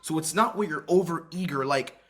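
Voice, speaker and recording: A man's voice: a little high, fairly quick, a bit bright. A man coaching sales, talking casually and acting out bits of calls to show each tone. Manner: demonstrates tones by acting out calls; casual, swears, many restarts. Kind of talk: sales training talk.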